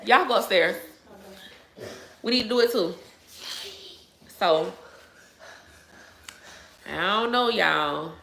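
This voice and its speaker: Slow, animated, and gravelly, with long pauses and a fairly bright tone, a medium-pitched woman in her thirties addresses her YouTube viewers. She's blunt, preachy, and freely profane, repeating her points in casual chat. The echoey room carries slight background noise.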